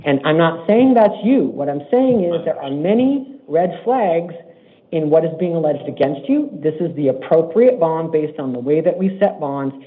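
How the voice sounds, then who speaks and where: Brief: higher-pitched male judge, stern and deliberate, formal courtroom delivery, phone-thin audio. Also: narrow, tinny audio.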